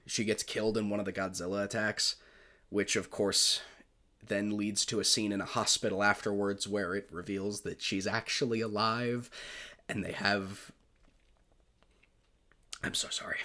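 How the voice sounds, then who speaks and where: A man's voice: lowish voice, fairly even intonation, normal speed, sharp tone. A man giving a casual film review monologue, gushing and rambling with frequent swearing.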